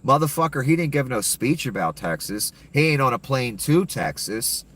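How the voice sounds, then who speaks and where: A man's voice: mid-range voice, expressive, moderate pace, fairly bright tone. A man giving an angry, profane and sarcastic rant of political commentary.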